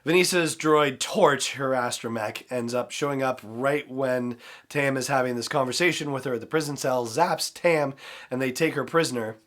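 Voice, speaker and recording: A man's voice: mid-range voice, normal speed, fairly bright tone. Man with a throat cold recapping casually. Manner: loose, chatty retelling with fillers and asides. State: talking through a throat cold. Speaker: podcast host. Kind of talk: solo episode recap and commentary.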